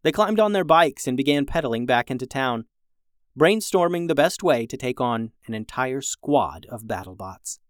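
A children's story podcast host reading a story aloud in a lively way, changing pitch for the characters. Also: moderate pace, no echo, clean studio sound.

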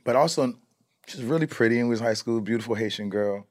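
A man from Chicago, a comedian guest, telling casual stories in a profane, animated way and acting out the people in them. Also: medium pitch, a little fast. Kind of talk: casual storytelling chat.

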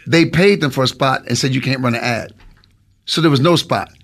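A man's voice: medium pitch, brisk, fairly bright tone. A man, a comedian guest on a podcast, riffing and exclaiming in casual comedic chat.

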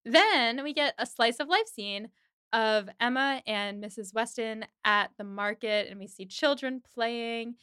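A woman's voice: a little high, measured pace, bright, forceful tone, smooth, dry recording, clean studio sound. A woman hosting a podcast, chattily recapping a TV episode and leaning on "like" as she talks. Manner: chatty retelling, heavy use of "like".

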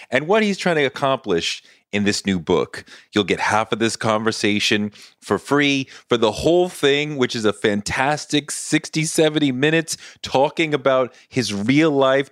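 A man's voice: medium pitch, fairly bright tone, no room sound. A man with a mid-range voice hosts a podcast, speaking earnestly and enthusiastically as he introduces his guest. His voice is recorded close and dry, with no room sound. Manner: earnest and enthusiastic, reads the sponsor plug smoothly. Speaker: podcast host.

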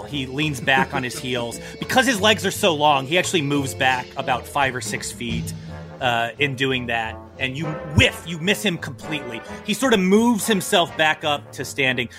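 A man's voice: fairly high pitch, animated, moderate pace, over music. A man narrating as game master of a tabletop game, loose and playful.

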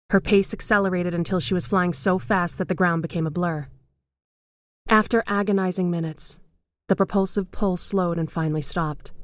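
A woman narrating a horror story in a measured, dramatic reading. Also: lowish voice, dry recording.

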